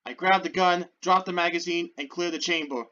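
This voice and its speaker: A woman playing a visual novel, reading the text aloud and reacting with loud exclamations. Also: a little fast. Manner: excitable, exclaims loudly, drops to a low voice for narration. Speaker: let's play gamer. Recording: dull lo-fi audio over game music.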